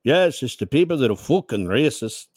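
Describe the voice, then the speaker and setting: A man's voice: mid-range voice, big pitch swings, moderate pace, darkish tone, no echo, studio quality. A man giving angry political commentary, sarcastic and full of swearing. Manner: sarcastic, profane.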